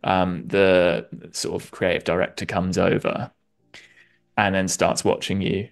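A man's voice: deep voice, little pitch movement, a little slow, creaky. A man from southwest England with a West Country accent, a designer and comedian chatting playfully and self-mockingly while demonstrating design on a live stream. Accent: West Country English.

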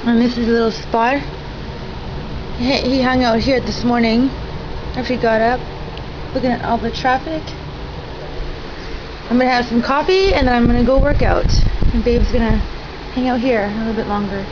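High-voiced woman cooing to her cat. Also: moderate pace, pauses often, lo-fi sound, noisy background. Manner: cooing, doting talk to her cat, laughs often. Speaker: vlogger and cat owner. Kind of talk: casual home-video vlog. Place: hotel room.

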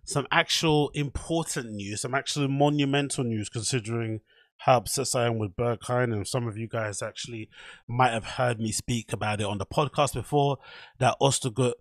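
A man's voice: mid-range voice, normal speed, no echo, studio quality. A man hosting a casual solo podcast, chatty and self-mocking. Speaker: podcast host.

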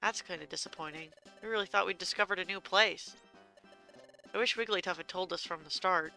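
A woman voicing an eager young creature adventurer from a game, earnest and excitable, reading its lines aloud softly. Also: on the low side, fairly quick, gravelly, soft background music. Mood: disappointed.

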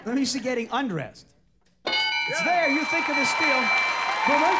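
A man hosting a television game show, teasing the contestants in an animated, joking way. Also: very high-pitched, moderate pace, long pauses, a loud crowd, heavy background noise. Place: television studio stage. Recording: archival TV broadcast with loud studio audience.

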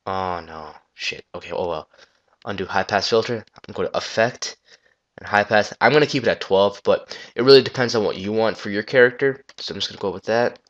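A man talking through a casual software tutorial on a gaming headset, rambling loosely and swearing now and then. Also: lowish voice, brisk, highs cut off. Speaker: tutorial maker.

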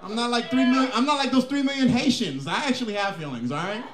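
A man's voice: very high-pitched, fast, crowd noise. A man doing a stand-up comedy set in a comedy club, with a brash, profane and punchy delivery. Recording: echoey live club recording.

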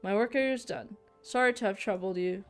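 A smug sea patrol leader in a narrative game boasts of his work with quiet menace, as a woman reads him out in her own voice. The delivery is even and self-satisfied. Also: mid-range voice, a little fast, faint music behind, close to an everyday voice.

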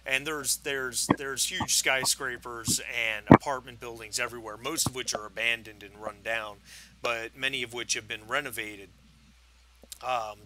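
A man narrating a tabletop game as game master, halting with fillers and restarts. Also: medium pitch, heavy background noise.

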